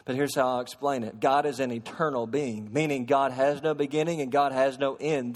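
A man preaching a sermon to a congregation, shifting from soft explaining to loud, emphatic preaching and asking them questions. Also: mid-range voice, fairly even intonation, normal speed, hardly any pauses. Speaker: pastor. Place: church sanctuary. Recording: long hall reverb.

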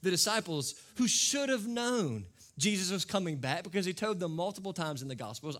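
Animated preaching man, high and lively. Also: a little fast, hardly any pauses. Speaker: pastor. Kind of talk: sermon. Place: church service with a congregation.

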